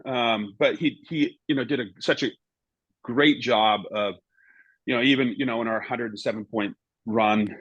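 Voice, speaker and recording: A man's voice: medium pitch, steady tone, moderate pace, a bit bright, slightly rough, no room sound, highs cut off. A middle-aged man, a former goalkeeper and now a podcast guest, who tells anecdotes in a rambling way and keeps adding "you know" and "right?". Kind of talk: casual anecdote telling.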